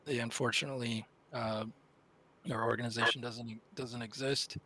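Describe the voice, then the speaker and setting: A man's voice: mid-range voice, flat delivery, moderate pace, bright, forceful tone, husky. A man commentating a live esports tournament stream, analysing teams in a rambling, self-correcting way.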